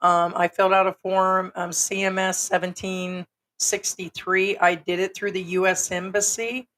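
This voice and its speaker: A middle-aged woman from the United States, hoarse and raspy from being sick, hosting a casual livestream chat in a frank, rambling way. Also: fairly low pitch, flat delivery, moderate pace, fairly bright tone. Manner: rambling, frank, with many ums. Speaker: livestream host.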